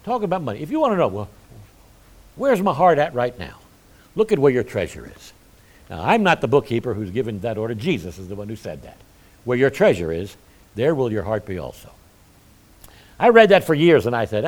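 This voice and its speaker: A man's voice: mid-range voice, very animated, moderate pace, a little mellow. A middle-aged male pastor preaching a sermon, with folksy asides between his points.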